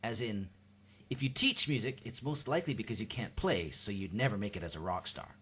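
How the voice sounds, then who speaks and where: Canadian man doing deadpan stand-up. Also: a little fast, breathy edge. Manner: deadpan, with sudden high-pitched quoted voices. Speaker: amateur stand-up comedian. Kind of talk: seated home stand-up routine. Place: at home, lives in the UK.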